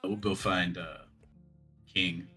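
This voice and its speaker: A man's voice: sits low, steady tone, takes it slowly, bright, forceful tone, breathy edge, soft background music. A man playing his character in a tabletop game, laid-back and wry. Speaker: player. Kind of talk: casual in-character chat.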